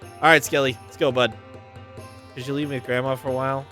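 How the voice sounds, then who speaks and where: A man's voice: medium pitch, flat delivery, a little fast, bright, forceful tone, soft background music. A man streaming a playthrough of a game, talking casually with profanity and wry exasperation.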